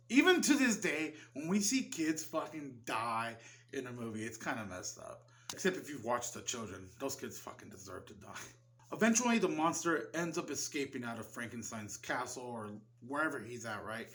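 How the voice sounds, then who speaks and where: A man's voice: mid-range voice, big pitch swings, normal speed, a bit bright. Rambling, foul-mouthed man reviewing a movie. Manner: loose, rambling, swears freely. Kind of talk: casual film review commentary.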